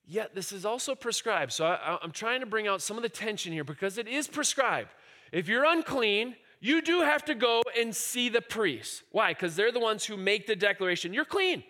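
A man preaching with a high, bright voice. He is animated, sinks to a low, thoughtful murmur and then lifts to ringing cries. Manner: animated, switching between quiet musing and shouted cries. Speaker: pastor. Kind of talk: sermon.

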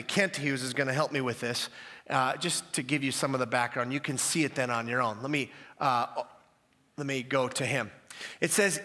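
An animated male pastor preaches in a high voice, leaning on emphatic repetition of his key phrases. His tone is bright and forceful, and the sermon rings out in a large, reverberant hall.

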